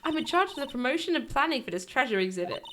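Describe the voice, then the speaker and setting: A woman voicing a composed, reserved woman managing an exhibit, speaking in a soft, measured way. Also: sits high, big pitch swings, a little hiss or hum. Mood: polite.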